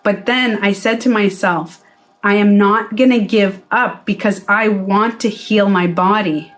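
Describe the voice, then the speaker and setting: A woman's voice: medium pitch, fairly even intonation, unhurried. A woman wellness coach talking casually to her viewers, candid and swearing freely as she acts out her own reactions. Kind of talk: casual live-stream talk to viewers. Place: indoors, playing music in the background.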